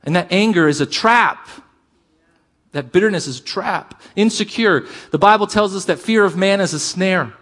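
A middle-aged man preaching a sermon as pastor, animated and shifting between loud emphasis and quiet asides. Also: high-pitched, moderate pace.

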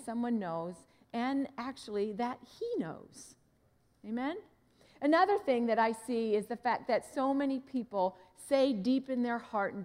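A woman pastor delivers a sermon, telling stories with animated, acted-out exchanges. Her voice sits a little high, and a long reverb trails behind her words from the hall where she was recorded. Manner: animated, acts out dialogue in her story. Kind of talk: sermon storytelling.

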